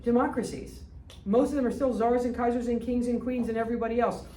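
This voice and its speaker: A woman's voice: fairly high pitch, fairly even intonation, warm tone. A woman, giving a blunt, quizzing history lecture to a classroom. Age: 60s. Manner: blunt, quizzing students with rapid questions. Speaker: history teacher. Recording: echoey room, distant mic.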